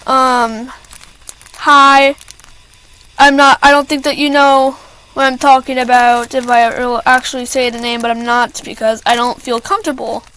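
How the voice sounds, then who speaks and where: A woman's voice: high voice, flat delivery, unhurried, fairly bright tone, clear, resonant tone, poor audio. A teenage girl ranting to camera about school, rambling with lots of fillers and restarts and stopping to apologize. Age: teens. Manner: apologetic asides. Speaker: student venting to camera. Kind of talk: casual rant.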